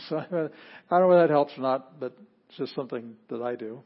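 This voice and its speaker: A brisk man with a mid-range voice teaches Greek in a chatty lecture style, correcting himself and tossing in joking asides. It's a classroom lecture captured in dull, lo-fi sound.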